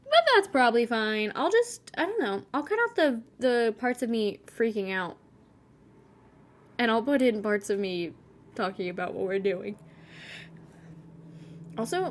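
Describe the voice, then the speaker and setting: A woman in her twenties rambling casually through a painting vlog voice-over, chatty and wry, with sarcastic asides. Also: medium pitch. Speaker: vlogger.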